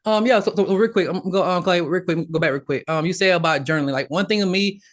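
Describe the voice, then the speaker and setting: A man guesting on a podcast, telling his story in a casual, animated way with frequent restarts. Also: sits high, quick pace. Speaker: podcast guest, real estate investor.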